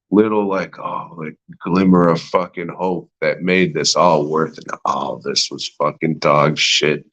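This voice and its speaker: Speaking with an extremely low pitch and a fairly bright tone, an American podcast host goes solo on a movie review rant. He rambles, swears, gets sarcastic and laughs at his own jokes.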